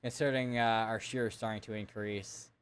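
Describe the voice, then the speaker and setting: A man's voice: on the low side, fairly even intonation, a little fast, fairly bright tone, clear, resonant tone. Man reading storm reports on a live stream. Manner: thinks aloud, reads town lists, corrects himself often. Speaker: severe weather streamer. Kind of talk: live weather coverage commentary.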